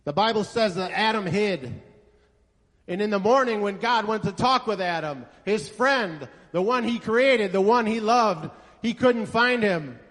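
A man's voice: high voice, expressive, unhurried, a bit bright. A male pastor preaching a sermon to a congregation, telling a story and asking rhetorical questions with emphasis. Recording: echoey hall reverb.

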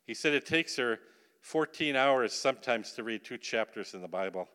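A man preaching in a church sanctuary, his voice bright and ringing with a smooth, resonant clarity. He tells his story with animated emphasis and turns to the congregation with questions. A long reverb trails behind every phrase. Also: medium pitch, moderate pace. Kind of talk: sermon with personal storytelling.

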